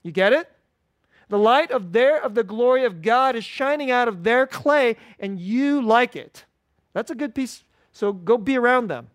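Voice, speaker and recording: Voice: mid-range voice, lively intonation, moderate pace, no echo. A pastor giving an informal, conversational sermon at a church service, repeating key phrases and chuckling often.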